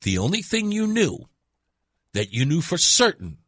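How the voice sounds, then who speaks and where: Hoarse American radio host with a cold. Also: male voice, measured pace, dry recording. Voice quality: deep rough voice. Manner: animated, teasing, opinionated. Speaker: radio talk show host. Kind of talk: talk radio monologue. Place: radio studio. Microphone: studio microphone.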